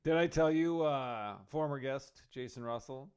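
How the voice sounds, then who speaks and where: A man's voice: medium pitch, unhurried, clean tone. A man co-hosting a casual podcast, telling a story and acting out his friends' voices. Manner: animated storyteller, acts out quoted friends. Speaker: podcast co-host.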